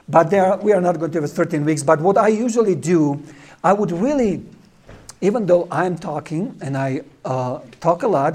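A man from Czechoslovakia, teaching a class and telling animated stories that he laughs through. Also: a little high. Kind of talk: storytelling lecture.

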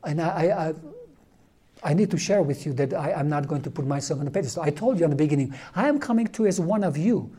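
Earnest man with a mellow voice. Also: a little high, animated, husky. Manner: earnest, halting, with many fillers and restarts. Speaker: lay Catholic speaker. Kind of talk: informal religious talk.

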